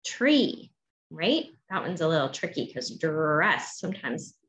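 A woman teaching a phonics lesson to young children, sounding out letters slowly and encouraging them to answer. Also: low-pitched, big pitch swings. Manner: slow, drawn-out sounding of letters and words; encouraging, asks questions and waits. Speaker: kindergarten teacher. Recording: dull lo-fi audio with faint noise.

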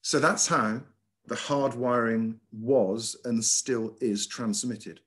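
A middle-aged man, a headmaster giving a lively, emphatic lecture over a video call, with frequent ums and uhs. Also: medium pitch, slow. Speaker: school headmaster giving a talk. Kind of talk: lecture with slides.

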